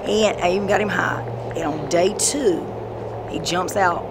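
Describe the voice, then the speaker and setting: A woman telling rambling, profane stories in a street interview, breaking into shouts. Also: fairly low pitch, a little slow. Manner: profane, animated storytelling with sudden shouts. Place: outdoors on a city street. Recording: street noise and passing traffic.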